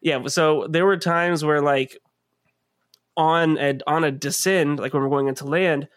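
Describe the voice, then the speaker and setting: A man's voice: on the high side, steady tone, measured pace, no room sound, studio quality. A young man hosting a podcast, joking with friends and laughing often, with fillers and trailing sentences. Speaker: podcast host. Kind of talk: casual banter among friends.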